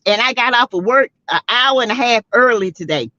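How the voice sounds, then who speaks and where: A woman's voice: a little high, lively intonation, a little fast, sharp tone, no room sound, dull audio. A woman with a Southern US accent hosting a casual live gossip chat, sassy and laughing often as she greets viewers. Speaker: live-stream host.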